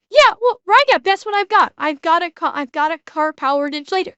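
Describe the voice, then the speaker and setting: High-voiced Canadian woman streamer. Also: bright, forceful tone, dull audio. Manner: chatty and laughing, with frequent restarts and swearing. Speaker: streamer reacting to a video. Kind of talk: casual live-stream chat.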